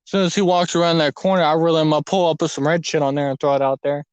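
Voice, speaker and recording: Young man with a high, smooth voice. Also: fast, no echo, rough recording. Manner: profane, rambling, animated storytelling. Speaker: fishing vlogger. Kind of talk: casual storytelling while fishing. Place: outdoors at a lake.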